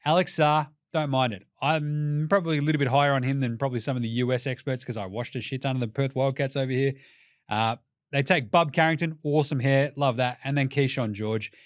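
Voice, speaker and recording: A man's voice: medium pitch, a little fast, no room sound, studio quality. Profane, joking Australian man. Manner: profane, jokey, animated, mocks teams in put-on voices. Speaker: basketball podcast host. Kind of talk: casual solo commentary.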